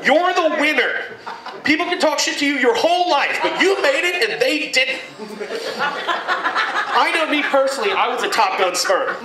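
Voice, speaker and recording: A man performing a crude, animated stand-up comedy set in a packed club. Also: very high-pitched, normal speed, distant mic. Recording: echoey room mic'd from afar, loud crowd laughter.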